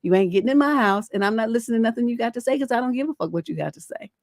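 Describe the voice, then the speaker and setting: A woman's voice: a little high, expressive, racing, a little mellow, no echo. A middle-aged woman hosting a relationship advice livestream, talking in a blunt, profane, rambling way full of fillers, and reading viewer letters aloud. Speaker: relationship coach and livestream host.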